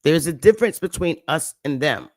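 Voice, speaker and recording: A man speaking on a livestream in a slow, emphatic way, repeating his key words. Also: a little high, lively intonation, a little mellow, no room sound. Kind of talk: livestream talk.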